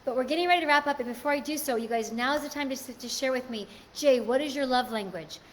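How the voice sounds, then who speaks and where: A woman's voice: sits high, fast, slight background noise. A woman hosting a live stream, chatting casually and answering viewer comments. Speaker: livestream host.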